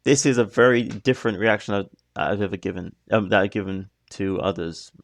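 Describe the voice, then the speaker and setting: A man with a low, gravelly voice talks through a music video in a casual reaction style. He muses out loud, starts and restarts his thoughts, and slips in apologetic asides. The sound is dry and close, with no room echo. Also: fairly even intonation, brisk.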